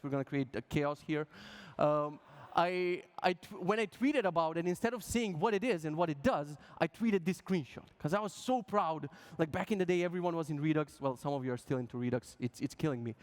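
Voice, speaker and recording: A man with a fairly high voice gives a humorous talk on stage at a conference. He jokes with the crowd, swears casually, and acts out little quoted voices as he goes. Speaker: conference speaker.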